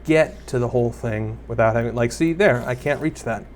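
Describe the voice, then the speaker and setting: A man's voice: medium pitch, normal speed, a little hiss or hum. A young man giving casual Let's Play commentary, rambling and self-deprecating as he chats to viewers and the creatures on screen. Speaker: gaming YouTuber.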